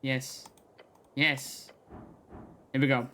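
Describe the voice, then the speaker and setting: A man streaming a game live, reading its text aloud and reacting in a casual, excitable way. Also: medium pitch, very slow, slight background noise. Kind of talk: live gameplay commentary.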